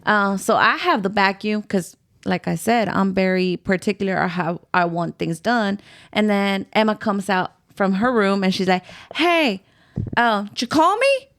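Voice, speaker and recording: A woman's voice: mid-range voice, normal speed. Woman telling a casual ghost story. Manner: rambling, swears, acts out quotes. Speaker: podcast host.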